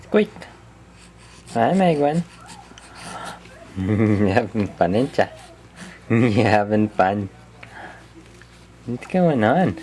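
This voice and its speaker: A woman coos to a baby in a lively, sing-song baby talk, laughing often. Her voice sits very low and mellow. She speaks very slowly and gently.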